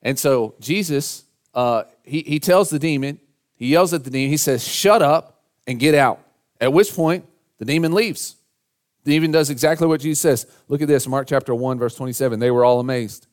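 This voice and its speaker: A man preaching a sermon as pastor. He leads a prayer, then reads and retells scripture, rising to loud, emphatic lines when he quotes. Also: medium pitch, a little fast.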